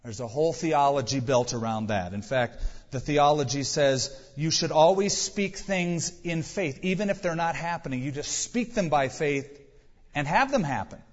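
A man's voice: lively intonation, moderate pace. A man preaching a sermon, working through numbered points with rhetorical questions and sudden bursts of emphasis. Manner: sudden rises in pitch and volume for emphasis. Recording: long hall reverb, dull lo-fi sound.

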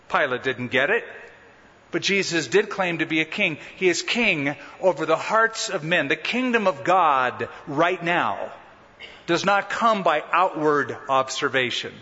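A man's voice: fairly high pitch, lively intonation, unhurried, bright, forceful tone. A pastor preaching an expository sermon with emphatic, dramatic rises and drops in his voice. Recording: dull sound in a large reverberant hall.

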